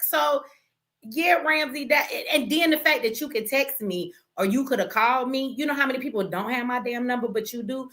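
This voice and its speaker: A woman's voice: fairly high pitch, a bit bright. A woman from Detroit hosts a casual livestream, tired and exasperated, talking straight to her viewers and swearing freely. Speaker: livestream host. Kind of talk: casual live-stream rant.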